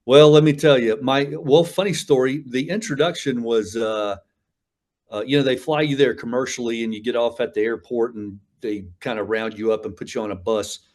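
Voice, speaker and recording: A man's voice: medium pitch, fairly even intonation, normal speed, darkish tone. A man in his fifties telling stories as an interview guest, rambling with frequent fillers, restarts and a habit of saying "man.". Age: 50s. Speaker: interview guest, combat veteran. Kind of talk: casual storytelling interview.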